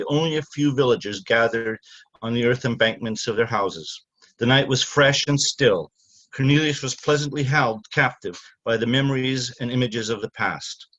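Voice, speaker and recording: An older man from Canada talks about his book in a halting way, full of fillers and restarts, then reads passages aloud. His voice sits at a middling pitch for a man. The recording is somewhat dull and lo-fi. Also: a bit bright. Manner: halting, many fillers and restarts when speaking freely. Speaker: author at a reading. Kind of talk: talk then reading from his novel.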